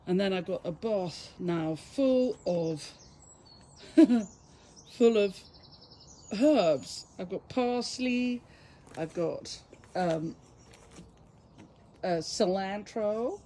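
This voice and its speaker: A woman's voice: medium pitch, expressive, very slow, long pauses, dark tone, a little hiss or hum. An English woman, a flower farmer, chatting casually as she gives a rambling, self-amused tour of her garden outdoors by her back door. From England.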